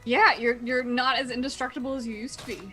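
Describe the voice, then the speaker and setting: A woman's voice: high voice, flat delivery, quick pace, bright, forceful tone, soft background music, rough recording. A woman in casual chat with gaming friends, teasing them and laughing along.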